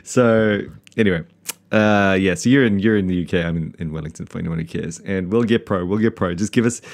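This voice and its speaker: A man's voice: low voice, a little fast, gravelly. A man from South Africa hosting a casual podcast, rambling and self-mocking with lots of fillers and restarts. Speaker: podcast host, pastor.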